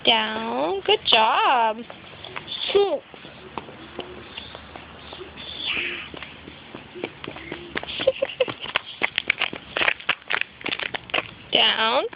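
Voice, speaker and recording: A woman's voice: very high-pitched, unhurried, long pauses, a little hiss or hum. A woman filming on a phone, coaxing and encouraging a toddler in sing-song baby talk. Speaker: parent or caregiver filming a toddler. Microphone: phone camera. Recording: dull lo-fi phone recording.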